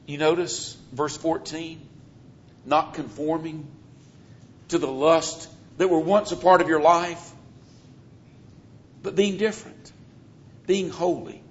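A man's voice: on the high side, steady tone, slow pace, pauses often. A man with a Southern US accent, preaching an earnest, emphatic sermon and teaching from scripture. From American South. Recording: dull, lo-fi sermon recording.

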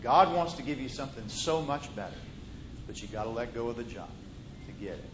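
A man preaching a sermon, moving between loud, emphatic lines and soft, hushed storytelling. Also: lively intonation, fairly quick. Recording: roomy muffled hall recording, faint rumble.

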